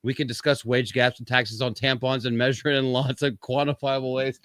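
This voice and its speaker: A podcast host running a live-stream commentary show reads out quotes, breaking in with sarcastic remarks and a profane, mocking tirade. He speaks at medium pitch in a level tone, a little fast and a bit bright, with no echo.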